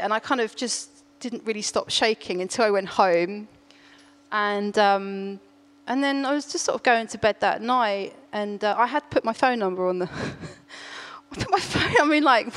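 Woman, middle-aged, casual storytelling, animated, laughing. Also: medium pitch. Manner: animated, laughing, quick restarts.

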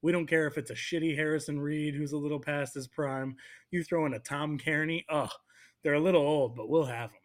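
A man's voice: on the high side, fairly quick. A young man co-hosting a sports podcast, chatting casually and joking animatedly. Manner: animated, joking, jumps between voices for bits. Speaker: podcast co-host.

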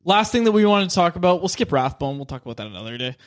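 Dude co-hosting a hockey pod, talks fast, kinda high voice, jokey. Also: male voice, very animated. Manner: quick, joking interjections. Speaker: podcast co-host. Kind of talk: casual sports podcast chat.

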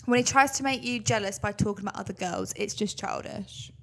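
A woman's voice: mid-range voice, brisk, a bit bright. A young woman co-hosting a podcast, chatting bluntly and giggling with a friend. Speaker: podcast co-host. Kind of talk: casual chat.

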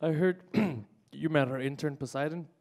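A man's voice: on the high side, moderate pace, darkish tone. A man co-hosting a comedy podcast, teasing guests with laughing banter. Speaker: podcast co-host. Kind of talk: casual comedic podcast chat.

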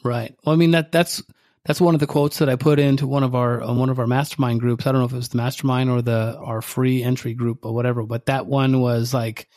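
A man's voice: medium pitch, little pitch movement, fairly quick, darkish tone. A man co-hosting a podcast for contractors, talking casually and rambling with many fillers and restarts. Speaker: podcast co-host, contractor coach.

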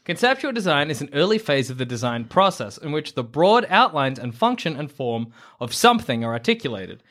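A man's voice: fairly high pitch, fairly quick. A man with an Australian accent chatting casually with friends, laughing often and jumping into voices. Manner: laughing, animated, bouncing into voices. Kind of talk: casual chat.

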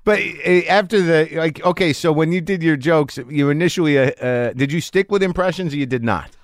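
A man's voice: on the high side, a little fast, no room sound, clean studio sound. A man hosting a podcast, asking probing questions in a loose, conversational way and laughing easily. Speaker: podcast host. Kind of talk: casual interview chat.

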